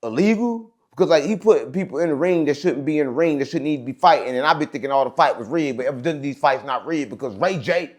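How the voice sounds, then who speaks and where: A man with a slightly high voice talks fast, barely pausing, as he hosts his own show. In a casual, animated monologue, he rambles through a story, checking in with his audience and repeating "right?" and "gang."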